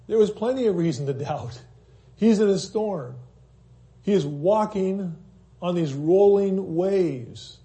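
Earnest preacher, male, mellow tone, a bit high, repeats lines for weight. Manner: earnest, repeats phrases for emphasis. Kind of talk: sermon.

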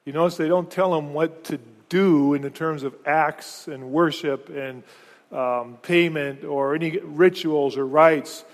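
A pastor preaching to his congregation, a man with a somewhat high voice. He talks earnestly, stumbling back over words and restarting his phrases. His voice rings out with a long reverb, as in a large church hall. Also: fairly even intonation, unhurried. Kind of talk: sermon.

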